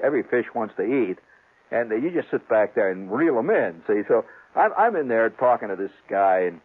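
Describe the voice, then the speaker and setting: A man telling a rambling, humorous fishing story on the radio, jumping up and down in pitch as he gets worked up. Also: breathy edge. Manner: rambling, animated, restarts, chuckles. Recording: tinny, phone-like old radio sound.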